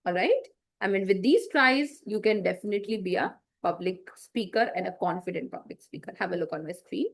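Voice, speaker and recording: A woman leads an online public speaking lesson for children, speaking into a computer mic. She is encouraging and chatty, filling her talk with small fillers and saying example lines aloud for the class. Her voice sits at a middle pitch. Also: fairly quick, vocal fry.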